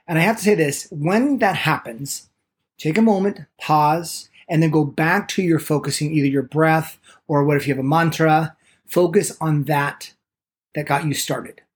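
A man teaching a podcast lesson on meditation, enthusiastic and quick to speed up, acting out the excuses people give. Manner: enthusiastic, speeds up when excited; lively pitch, acts out people's excuses.

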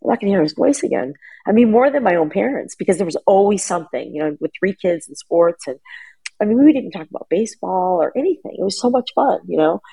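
A middle-aged woman sharing emotional personal stories as an interview guest over a remote call, animated and full of fillers. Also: medium pitch, quick pace, creaky, breathy edge, poor audio. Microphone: remote call connection.

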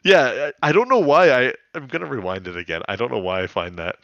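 A man's voice: mid-range voice, lively intonation, fast talker, a bit bright, dry recording, lo-fi sound. A man co-hosting a podcast in casual chat, rambling and giggly. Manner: rambling, giggly, puts on jokey quotes. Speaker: podcast co-host.

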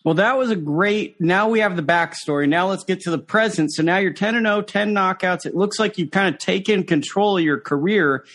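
A man's voice: high-pitched, brisk, few pauses, fairly bright tone. A man hosting an interview, asking long, rambling questions in a conversational way. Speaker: interview host.

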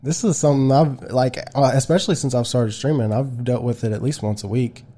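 A man talking candidly as host of a casual podcast conversation. His voice is mellow and dark, at an ordinary pitch for a man. He often restarts his sentences and leans on "like" as he thinks aloud. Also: steady tone, fairly quick.

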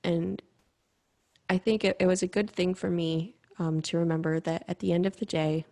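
A young woman hosting a podcast, talking candidly and reflectively in a halting personal monologue. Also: fairly low pitch, fairly even intonation, creaky, a little mellow. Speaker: podcast host.

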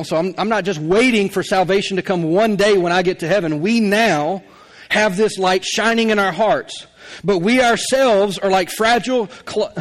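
A middle-aged man preaching a sermon in a folksy, conversational way, often laughing as he talks. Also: sits high. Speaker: pastor.

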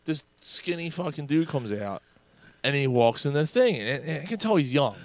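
A man's voice: a little high, moderate pace. A man casually telling a profane story as co-host, acting out what others said along the way. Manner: animated storyteller, acts out quotes, profane. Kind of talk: casual crude bar chat.

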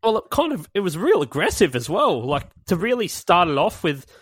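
A man co-hosting a comedy podcast, his voice high and swinging widely as he jokes. He swears freely and laughs often. The recording is dry and close. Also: very animated, a little fast, slightly rough, no room sound. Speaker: podcast co-host. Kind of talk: crude comedic banter.

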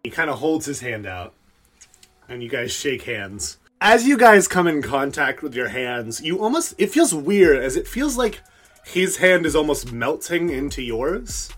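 A man's voice: a little high, sing-song, measured pace, a bit bright, soft background music. A man narrating as game master in a tabletop role-play, in a loose, laid-back way.

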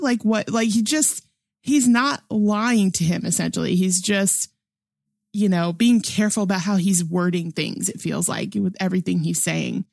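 Talking over a movie in a casual review chat, this young woman panelist is enthusiastic, laughs a lot, and leans on plenty of fillers. Her medium-pitched voice is gravelly and a bit mellow at a moderate pace, with clean studio audio and no room sound.

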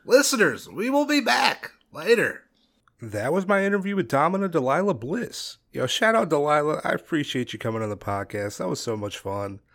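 A man's voice: fairly high pitch, lively intonation, a little fast, creaky, few pauses, a bit bright. A man hosting a podcast and doing stand-up, laid-back and loose, swearing casually. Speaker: podcast host and comedian.

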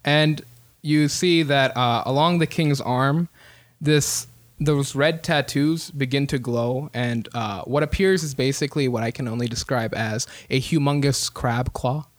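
A man's voice: medium pitch, measured pace, no echo. A man narrating as game master in a tabletop game, casual and rambling.

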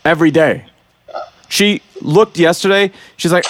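A man's voice: medium pitch, animated, normal speed, no echo. A man hosting a casual podcast chat, loose and swearing, acting out quotes. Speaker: podcast host.

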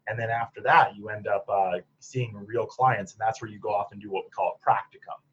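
A man's voice: lowish voice, fairly even intonation, fairly quick, slightly rough. A man, a psychologist telling stories in a casual interview, chatty and full of fillers. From Upper Peninsula of Michigan. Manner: chatty, lots of fillers, laughs at own stories. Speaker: psychologist guest. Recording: dull lo-fi sound.

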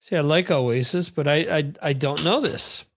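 At a moderate pace and in a slightly high voice, a man hosting a podcast chats informally and reads viewer comments aloud, rambling and joking while frequently correcting himself.

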